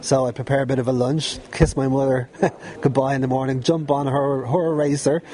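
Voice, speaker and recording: A middle-aged Dublin man talking through his memories in a loose, chatty way, often breaking into a laugh. His voice is mellow and soft-edged, sitting at an ordinary pitch for a man. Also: level tone, normal speed. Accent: Dublin Irish. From Dublin, Ireland. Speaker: guest, former pirate radio DJ. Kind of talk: relaxed storytelling interview.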